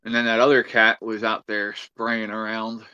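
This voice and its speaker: A man's voice: on the low side, completely flat delivery, normal speed, sharp tone, clean tone, no room sound, muffled recording. A man hosting a casual livestream chat, easygoing and chatty, reading out viewer comments. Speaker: livestream host.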